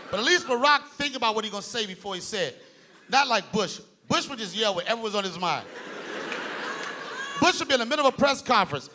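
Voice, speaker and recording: A male stand-up comedian performing on stage with a loud, animated delivery that breaks into shouts. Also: sits high, quick pace. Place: live comedy stage before an audience. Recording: live audience laughter and room noise.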